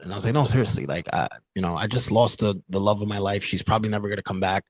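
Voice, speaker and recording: A podcast host telling a candid personal story in an earnest, halting way, full of "like" and "you know". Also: male voice, lowish voice, no echo, rough recording.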